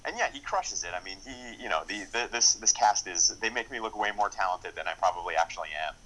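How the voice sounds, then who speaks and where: A man with a very low voice and a bright, forward tone talks casually as a screenwriter and director. He rambles eagerly, stacking fillers and restarting sentences. His enthusiasm runs through the whole conversation. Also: lively intonation, fast, rough recording. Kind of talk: casual interview.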